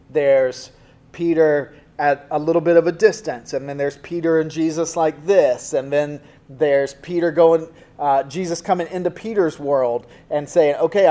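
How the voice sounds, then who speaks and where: A man's voice: on the high side, warm tone. A man preaching a sermon in a conversational, storytelling way, acting out quotes from the stories he tells. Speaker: pastor.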